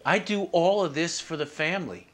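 An actor playing a middle-aged father and builder, gruff, firm and worried, in a film drama. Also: fairly high pitch, moderate pace, natural voice. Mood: stern.

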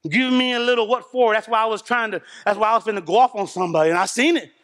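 A man preaching a sermon as pastor, a father of a young son, talking animatedly and swinging between loud bursts and hushed asides. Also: high voice, fast. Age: young adult or middle-aged, father of a young son. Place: church.

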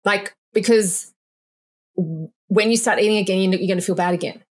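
A woman naturopath in a casual podcast interview, chatty and animated, laughing often and acting out quoted voices. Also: medium pitch, moderate pace, slightly rough. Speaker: naturopath guest.

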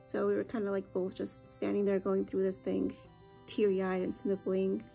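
Chatty young woman vlogging with a gravelly voice. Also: mid-range voice, completely flat delivery, moderate pace, warm tone, faint music behind. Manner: chatty, says "like" often. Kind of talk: casual vlog chat. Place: at home after a family visit.

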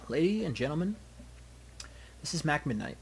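A man voicing a wealthy elf father in a video game, measured and commanding. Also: a little high, sing-song, vocal fry, a little hiss or hum. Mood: formal.

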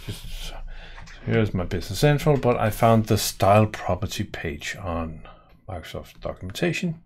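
A man's voice: fairly low pitch, expressive, normal speed, gravelly. A man giving a casual screen-share coding tutorial, thinking aloud with lots of fillers and restarts. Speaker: software developer teaching coding.

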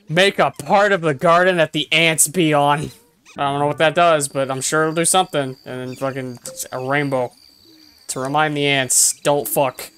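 A young woman giving casual gameplay commentary, swearing often and yelling at the game. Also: low voice. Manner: swears a lot, yells at the game. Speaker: gaming video creator.

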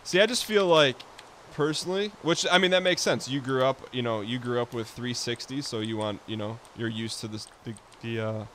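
A man hosting a let's play, chatting casually in a relaxed, rambling way and laughing easily. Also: mid-range voice, fairly quick, slight background noise. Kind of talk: casual gaming chat.

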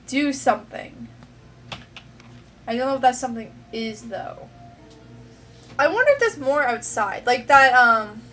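With a high, slightly bright voice, a young woman hosts a let's play and comments on her own gameplay. She chats to herself, lets out curses, and gets frustrated.

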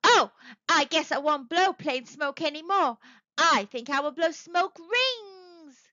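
A woman's voice: high voice, expressive, measured pace, bright, forceful tone, no echo, highs cut off, voice pushed up, exaggerated voice. A woman voicing a young boy dragon who shows off, then turns glum, in a storybook read-aloud. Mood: boastful. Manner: show-off, then glum and lonely. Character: young boastful male dragon.

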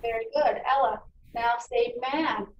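A woman teacher giving a phonics lesson to children, encouraging and enunciating each sound clearly. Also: fairly high pitch, unhurried, lo-fi sound. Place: meeting room. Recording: echoey room, distant mic, faint noise.

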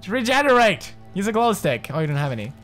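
A young man plays through a horror game, joking and swearing as he goes. His pitch sits a touch high and jumps around, sliding from low grumbles to startled yelps, with faint game music under his voice. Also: sing-song, fast, fairly bright tone. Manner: jokey, swears a lot, swings from mutters to frightened yelps. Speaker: gaming commentator. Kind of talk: let's play commentary.

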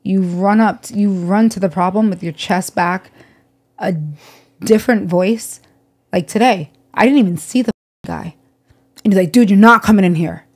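A woman's voice: medium pitch, moderate pace, long pauses, warm tone. A woman co-hosting a casual chat, asking probing questions and reacting to a story. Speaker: podcast co-host.

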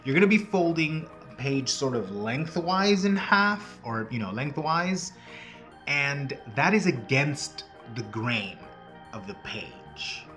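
A man's voice: mid-range voice, big pitch swings, takes it slowly, fairly bright tone, soft background music. A man hosting his own craft channel, talking through folding steps in a casual, rambling way with self-mocking jokes. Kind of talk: casual tutorial talk.

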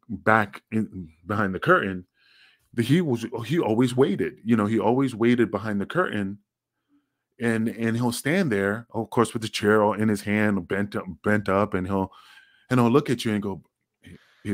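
A man's voice: fairly low pitch, no echo, clean studio sound. A middle-aged man, a former wrestler, telling rambling, profane stories in a casual interview. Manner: rambling, profane, acts out quotes.

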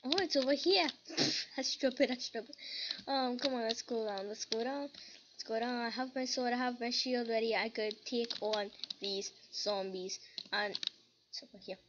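A woman's voice: on the high side, fairly even intonation, normal speed, background noise. A woman giving casual gameplay commentary, humming little sing-song tunes as she plays. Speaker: gamer. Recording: lo-fi with loud keyboard typing.

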